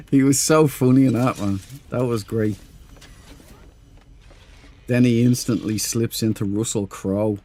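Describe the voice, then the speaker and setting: A man's voice: mid-range voice, steady tone, unhurried, long pauses, warm tone, slight background noise. A man streaming a game, chatting loosely with viewers, rambling and laughing easily. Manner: rambling, chatty, reads and answers chat. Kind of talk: casual live-stream chat.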